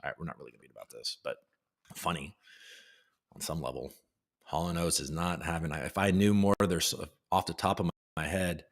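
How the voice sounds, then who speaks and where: A man's voice: sits low, fairly quick, vocal fry. A man hosting a livestream, reading news headlines aloud in a casual way with joking asides. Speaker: host.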